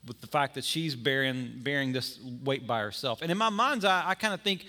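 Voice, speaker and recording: A pastor preaches conversationally in a medium-pitched voice that is animated, brisk, bright, and forceful. Every so often he acts out the people in his story.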